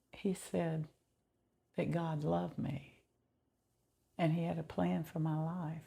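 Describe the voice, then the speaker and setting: A middle-aged woman giving a slow, heartfelt personal faith testimony, often dropping to a whisper. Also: low-pitched, mellow. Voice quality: gravelly and very husky. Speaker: testimony vlogger.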